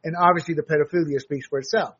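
A man's voice: a little high, steady tone, quick pace, fairly bright tone, breathy edge, dull audio. An American man giving blunt, sarcastic solo commentary, often restarting his sentences. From United States.

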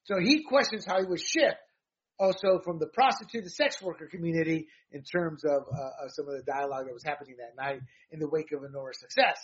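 A man's voice: fairly high pitch, brisk, slightly rough, dull audio. A man hosting a news rundown show, delivering emphatic opinionated commentary that rambles with fillers and restarts.

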